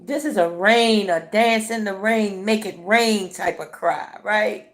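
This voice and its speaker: A tearful woman speaks slowly and deliberately, crying as she talks. Her delivery is emphatic and repetitive, full of little "right?" check-ins, like a heartfelt motivational talk. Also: medium pitch. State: tearful, crying while talking. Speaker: vlogger.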